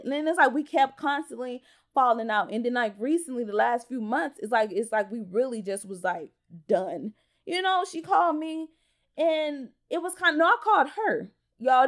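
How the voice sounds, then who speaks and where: A woman with a high voice hosts her podcast in a loose storytime style. She swears constantly and speaks directly to her listeners as y'all. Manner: profane, animated, talks straight to listeners as y'all. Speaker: podcast host. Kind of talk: casual storytime rant.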